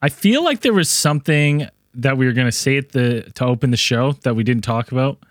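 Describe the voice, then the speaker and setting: A man's voice: mid-range voice, expressive, a little fast, no echo, clean studio sound. A man co-hosting a podcast in casual chat, talking over a remote call, rambling with restarts and laughing often. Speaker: podcast co-host. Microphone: remote call mic.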